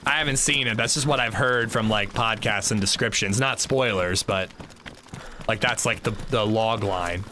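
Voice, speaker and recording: A man's voice: fairly low pitch, normal speed, bright, forceful tone, slight background noise. A man with a sore throat, giving rambling, casual commentary on his gameplay with lots of fillers. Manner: rambling, loose, full of fillers. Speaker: gaming livestreamer.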